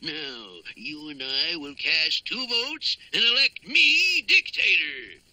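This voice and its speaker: Cartoon mad-scientist villain: very high, sharp and tense, drawled sneering lines, lively swings in pitch. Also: male voice, slow, vocal fry, no echo, heavily acted, poor audio. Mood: gloating. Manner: sneering, cackling, bossy. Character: scheming, gleeful male mad-scientist villain. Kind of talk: 1960s cartoon voice acting.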